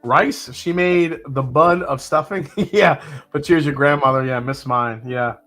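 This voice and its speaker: Soft music plays as a man with a mid-range voice, speaking a little slowly, hosts a live whiskey tasting. Relaxed and chatty, he reads out comments from viewers, with filler words and sips along the way.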